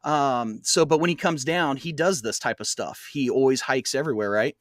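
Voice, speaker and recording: Man, podcast co-host, rambling storyteller, plenty of fillers, middle pitch, dry sound. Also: moderate pace, no room sound. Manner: rambling, laughs often, many fillers. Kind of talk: casual storytelling chat.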